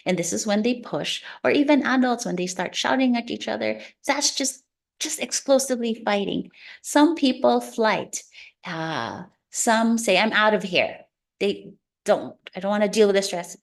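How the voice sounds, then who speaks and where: A woman educator giving an online talk about children's emotions, lively, acting out children's and parents' lines. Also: mid-range voice, vocal fry. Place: online meeting room. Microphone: video call.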